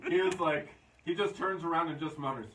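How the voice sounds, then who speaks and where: A man in a casual chat, excitable and laughing, swearing freely. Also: fairly high pitch, brisk, far from the mic, over a noisy crowd.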